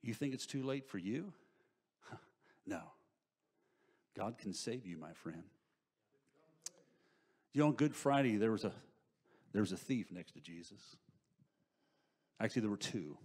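A middle-aged man preaching a sermon in church. He asks rhetorical questions and moves between loud, emphatic lines and hushed asides. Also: lowish voice, lively intonation, normal speed, long pauses. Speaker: pastor. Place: church sanctuary.

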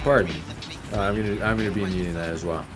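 A man's voice: low-pitched, steady tone, quick pace, background noise. A man giving casual gameplay commentary, sarcastic and mock-polite, swearing often as he plays. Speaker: gaming YouTuber.

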